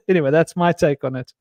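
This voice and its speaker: A man's voice: a little high, darkish tone, no echo. A man, telling rambling stories and laughing often during an online panel discussion. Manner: rambling, anecdotal, quick to laugh. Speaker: round table participant. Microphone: video call.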